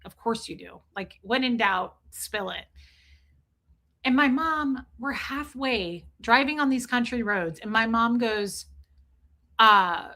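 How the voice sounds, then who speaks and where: A young adult woman telling a story in casual livestream chat, chatty and animated, greeting viewers as she goes. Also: a little high, normal speed. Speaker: streamer.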